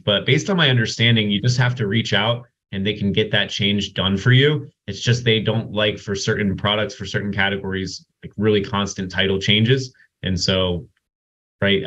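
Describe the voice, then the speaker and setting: Lowish guy hosting a webinar q&a, rambly, dull call audio. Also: steady tone, normal speed, fairly bright tone. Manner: chatty, many restarts and "like"s. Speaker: host of software Q&A. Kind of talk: casual webinar chat.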